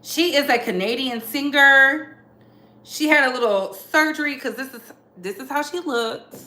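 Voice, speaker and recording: Sassy bright-voiced woman dishing gossip. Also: high voice, normal speed, echoey room. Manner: sassy, emphatic, repeats lines for effect. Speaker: commentary channel host. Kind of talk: casual celebrity gossip commentary.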